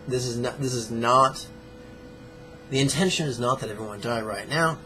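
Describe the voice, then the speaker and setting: A male meditation teacher with a gravelly, creaky voice, leading a guided lesson with jokes and plain talk. Faint music plays behind him. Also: medium pitch, a bit bright, poor audio. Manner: playful, joking, plainspoken.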